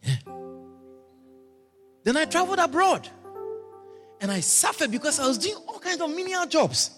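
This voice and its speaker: A middle-aged man from Ghana with a Ghanaian accent, a bishop preaching a sermon built on a personal story, animated, laughing often and breaking into shouts. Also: very high-pitched, normal speed, pauses often. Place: church hall. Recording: church hall reverb, faint music.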